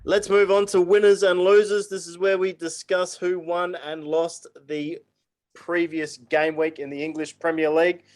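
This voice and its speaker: Higher-voiced man hosting. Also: flat delivery, normal speed, darkish tone, slight background noise. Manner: friendly, runs the segments. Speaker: podcast host. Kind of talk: casual podcast chat.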